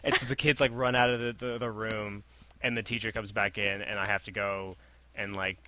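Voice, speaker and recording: A man's voice: fairly low pitch, level tone, fairly quick, pushed and bright. A young man in a casual chat, telling awkward stories with a wry, laid-back humor. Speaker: podcast co-host.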